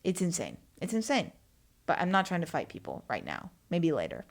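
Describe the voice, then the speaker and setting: A woman's voice: fairly low pitch, huge pitch swings, fairly quick, gravelly. A woman hosting her own podcast, rambling and self-mocking in casual solo chat. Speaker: podcast host.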